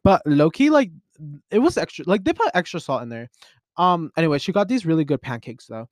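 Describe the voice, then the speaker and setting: A twenty-year-old man runs a podcast out of his closet, rambling through a casual solo monologue packed with "like" and restarts. His pitch jumps excitably, his pace is brisk, and the recording has no echo.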